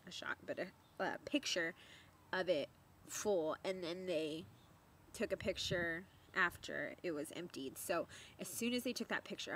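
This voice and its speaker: Speaking to camera in a lowish voice, a young woman vlogger shares a story in a chatty, animated style. She laughs a lot and repeats words for emphasis, and there is slight background noise.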